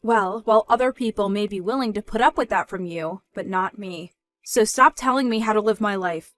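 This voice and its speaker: A young woman voicing an independent daughter who speaks in a measured, firm way in a scripted story dub. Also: mid-range voice, faint music behind, natural voice.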